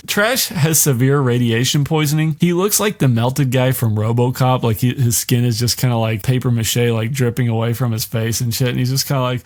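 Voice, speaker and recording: A man's voice: medium pitch, fairly even intonation, fairly quick. A man hosting a podcast, casually recapping a miniseries in a loose, rambling way with lots of fillers and swearing. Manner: rambling, heavy use of "like", swears freely. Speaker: podcast host.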